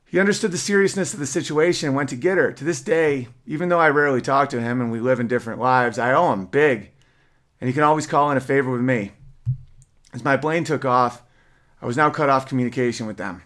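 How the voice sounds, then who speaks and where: A man's voice: mid-range voice, fast, fairly bright tone. A man, a podcast host, earnestly reading an emotional personal story aloud.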